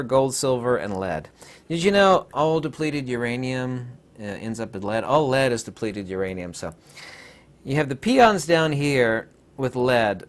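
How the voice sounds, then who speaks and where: Animated man in a rambling sarcastic rant. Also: mid-range voice. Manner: sarcastic, digressive, mocking asides. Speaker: commentary video host. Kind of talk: rambling political commentary.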